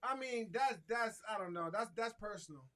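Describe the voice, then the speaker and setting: A man's voice: high-pitched, normal speed, bright, forceful tone. A middle-aged man co-hosting a casual chat show, laid-back and joking. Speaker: co-host.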